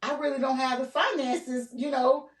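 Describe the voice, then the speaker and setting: A woman's voice: sits high, fairly even intonation, normal speed. An older woman telling her personal story in a candid podcast conversation, earnest and repetitive, full of "you know" and "like". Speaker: guest sharing her story. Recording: roomy, distant mic.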